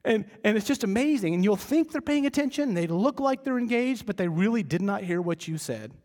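A middle-aged man preaching a sermon as pastor, conversational, telling humorous family stories and dropping his voice low for emphasis. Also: very animated, fairly quick, a little mellow. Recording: long reverb of a large hall.

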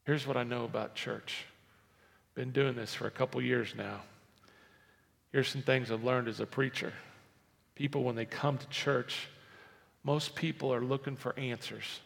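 Male pastor, gravelly tone, preaching with big dynamic swings, long hall reverb. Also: steady tone, a little slow, pauses often. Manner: preaching with sudden swings between loud emphasis and low, quiet asides. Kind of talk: sermon. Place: church.

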